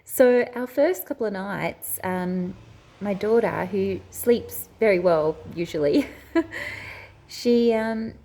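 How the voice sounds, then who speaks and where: A woman's voice: mid-range voice, lively intonation, takes it slowly, mellow. A woman hosting her own spiritual video channel, telling a personal story in a chatty, rambling way that drifts off track, with frequent hesitations and restarts. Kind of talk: casual storytelling to camera.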